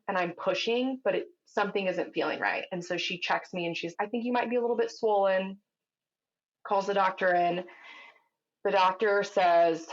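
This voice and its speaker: A woman's voice: fairly low pitch, dull audio. A woman, a podcast guest, telling a personal story in casual chat and acting out the voices of the people she quotes. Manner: animated, acts out quoted voices.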